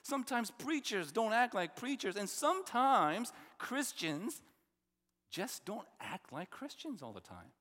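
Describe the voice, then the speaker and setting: A man's voice: sits high, sing-song, measured pace, fairly bright tone. A man from New Jersey preaching a sermon as pastor, in a conversational style with personal stories and rhetorical questions. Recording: long reverb of a large hall.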